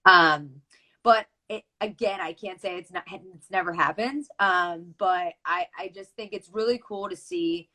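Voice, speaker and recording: Upbeat chatty young woman, lowish voice. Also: unhurried, pushed and bright, rough recording. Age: 20s. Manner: chatty, lots of ums and restarts, upbeat. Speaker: lacrosse player and college coach. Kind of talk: casual chat.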